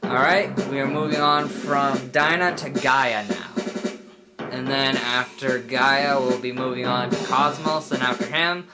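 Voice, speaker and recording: A man's voice: mid-range voice, steady tone, a little slow. A young man giving casual, rambling commentary over a video game, full of fillers and playful asides. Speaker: let's play gamer. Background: loud game music.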